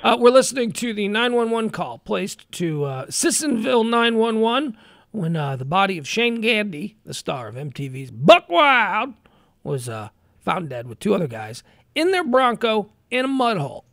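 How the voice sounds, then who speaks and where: A radio talk show host ranting in an incredulous, animated way from a studio. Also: medium pitch, normal speed, dry recording.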